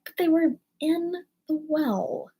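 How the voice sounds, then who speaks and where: Alice, a woman doing a high young girl. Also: lively intonation, dark tone. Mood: earnest. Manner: earnest, quick to question. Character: curious polite young girl.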